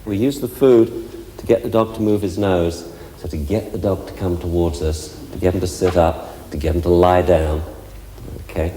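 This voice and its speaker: A man's voice: deep voice, steady tone, moderate pace, dark tone, a little hiss or hum. A man working as a dog trainer, explaining step by step in a chatty way during a live demonstration with several dogs. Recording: echoey hall with faint ambience.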